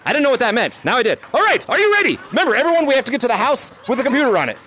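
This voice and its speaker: A young man hosting a VR game lobby, shouting energetic play-by-play calls, repeating himself and laughing as he plays. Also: very high-pitched, very fast, background noise. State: sweaty. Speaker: VR game streamer hosting fan lobbies. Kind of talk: excited live gameplay commentary. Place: indoors, playing in VR.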